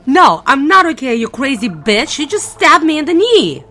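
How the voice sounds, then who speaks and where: A woman voicing a wounded, foul-mouthed male captive who shouts and curses in an audio story. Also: high voice, very animated, normal speed, pitched above the performer's own voice, heavily acted. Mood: enraged. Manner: shouting, cursing.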